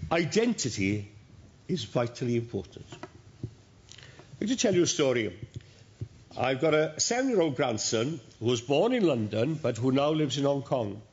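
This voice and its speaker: A man, addressing graduates at a university ceremony in a measured, storytelling manner with pauses. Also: medium pitch, sing-song, darkish tone. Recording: dull lo-fi recording.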